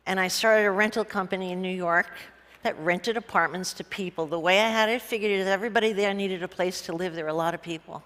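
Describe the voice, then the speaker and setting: A woman's voice: mid-range voice, fairly bright tone. A woman giving a humorous talk at a conference, telling stories in a blunt, joking way with some casual profanity. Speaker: conference speaker, businesswoman. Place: conference stage before a live audience. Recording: reverberant hall.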